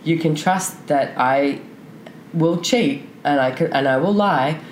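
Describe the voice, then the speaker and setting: A woman's voice: deep voice, measured pace. A woman, a podcast guest talking openly and frankly, rambling with lots of fillers. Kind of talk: candid conversational interview. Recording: echoey room with faint noise.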